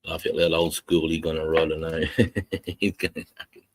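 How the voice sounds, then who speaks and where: Deep-voiced Australian man, crude banter. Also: fairly even intonation, a little slow. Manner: swears constantly, laughs often. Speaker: livestream host. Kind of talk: crude casual chat.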